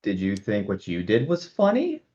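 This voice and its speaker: A man's voice: on the low side, wildly swooping pitch, moderate pace, warm tone, highs cut off. A man chatting casually as a player in a tabletop game. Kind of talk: tabletop role-play chat.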